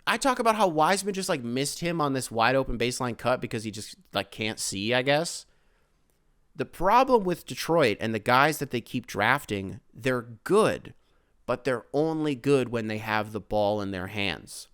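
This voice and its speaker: A man's voice: mid-range voice, lively intonation, normal speed, a bit bright, clean tone, dry recording, clean studio sound. A young American man hosting a sports podcast, talking casually in rambling, profane rants full of tangents. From United States. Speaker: podcast host.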